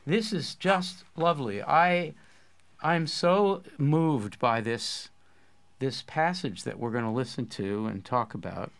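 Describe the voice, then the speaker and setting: A man's voice: mid-range voice, slow, creaky. Enthusiastic man leading a poetry discussion. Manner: enthusiastic, explaining ideas. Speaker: host of a poetry course discussion. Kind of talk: casual academic discussion.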